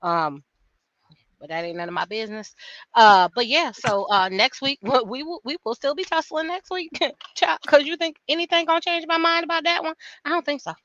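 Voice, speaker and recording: Bold, bright-toned sassy woman, dry lo-fi call sound. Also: high-pitched, normal speed, dry recording. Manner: sassy, teasing, emphatic slang. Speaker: regular panelist. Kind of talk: casual live-stream chat. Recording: dull lo-fi call audio, dry.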